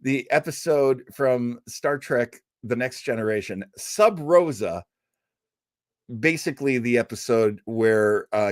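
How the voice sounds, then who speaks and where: A man's voice: medium pitch, slow, no room sound, studio quality. A man hosting a live show, chatting casually, reading viewer comments aloud and laughing often. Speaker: host. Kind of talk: casual live-stream chat.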